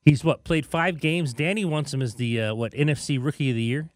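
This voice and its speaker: A man's voice: on the high side, fairly quick, no room sound, clean studio sound. A man co-hosting a casual sports talk show, arguing his grades with rhetorical questions.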